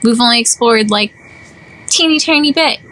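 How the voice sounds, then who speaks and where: A young woman chatting on a podcast with a fairly high voice. She is animated and playfully dramatic, with a faint hiss behind her. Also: moderate pace, low-quality recording. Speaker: podcast co-host. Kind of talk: casual chat.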